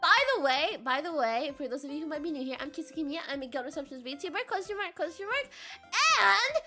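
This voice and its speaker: A young woman VTuber chatting casually with her live chat, giggly and playful with frequent loud laughter. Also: high voice, animated, quick pace, faint music behind. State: sore throat. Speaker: VTuber streamer.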